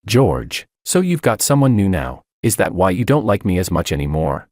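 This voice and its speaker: A man's voice: low-pitched, big pitch swings, normal speed, a little mellow, dry recording, studio quality. A man voicing a proud young woman who has become bitter and jealous. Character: proud young woman, once an ice queen.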